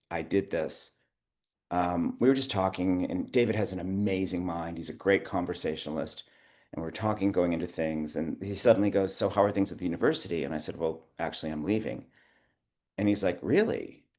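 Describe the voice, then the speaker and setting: Man, middle-aged, very low voice, rambling storyteller, acts out dialogue. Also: darkish tone. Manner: rambling anecdotes with quoted dialogue and laughs. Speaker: guest, theater producer. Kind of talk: conversational interview storytelling.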